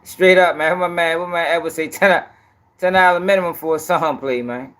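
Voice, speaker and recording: High-pitched dude laughing and cussing over a news clip, clowning the story. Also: male voice, fairly even intonation, brisk. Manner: loud, laughing, profane and mocking. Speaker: commentary host. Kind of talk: reaction commentary on a news clip.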